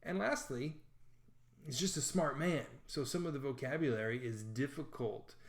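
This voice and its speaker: A man's voice: mid-range voice, normal speed, reverberant. A man explaining literature in a conversational, self-deprecating way with frequent fillers, like a casual teacher.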